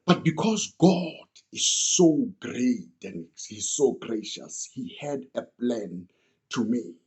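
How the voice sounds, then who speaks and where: A man's voice: mid-range voice, very animated, slow, a little mellow. A young man earnestly retelling an old story in the first person, as if he lived it.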